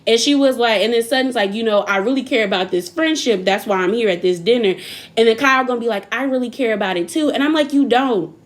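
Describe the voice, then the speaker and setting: A woman's voice: on the high side, quick pace. A woman, chattily recapping a reality show and acting out the cast's lines. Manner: chatty, animated, acts out quotes with laughs. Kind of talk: casual recap commentary.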